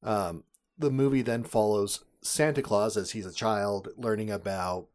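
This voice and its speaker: A man's voice: fairly low pitch, steady tone, a little slow, darkish tone. A man co-hosting a casual podcast, summarizing a film plot with wry, sarcastic asides. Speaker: podcast co-host.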